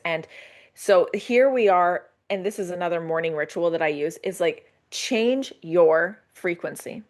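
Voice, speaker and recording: Woman coach, podcast guest; lively, acts out her own thoughts, lowish pitch. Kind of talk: casual podcast conversation.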